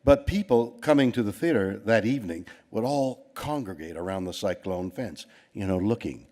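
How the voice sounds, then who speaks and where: A man's voice: on the low side, animated, moderate pace, mellow. An older Canadian man telling a rambling anecdote to an audience, with many restarts and quoted voices. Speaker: award recipient giving a speech.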